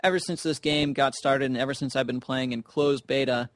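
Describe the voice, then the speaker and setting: A man's voice: medium pitch, steady tone, fairly quick, a bit bright, no echo. A man casting an online game tournament in a chatty, rambling, joking way, talking into a headset. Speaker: esports caster. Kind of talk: casual game commentary.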